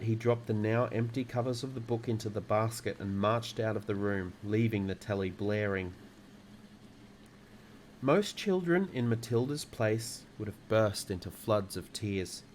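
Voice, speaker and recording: A man calmly reading a children's book aloud in a relaxing storytime. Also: on the low side, slight background noise, rough recording. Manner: calm, relaxing delivery.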